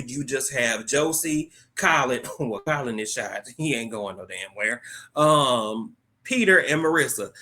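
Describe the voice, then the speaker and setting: Animated, bright-voiced man recapping a show. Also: a little high. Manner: slangy, joking retelling with quoted dialogue. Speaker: host of a TV recap channel. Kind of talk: casual episode recap.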